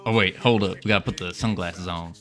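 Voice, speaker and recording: A man's voice: low-pitched, fairly even intonation, fast talker, music in the background. A man chatting casually on a game development livestream, playful and joking with his chat, laughing often.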